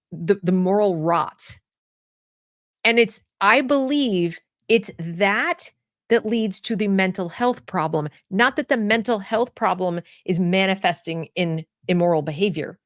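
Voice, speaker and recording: A woman hosts her own commentary show and gives her opinions bluntly. Her voice sits at an ordinary middle pitch. She often repeats words and restarts her sentences, and the sound is dry and close. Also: unhurried, dry recording. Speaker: host.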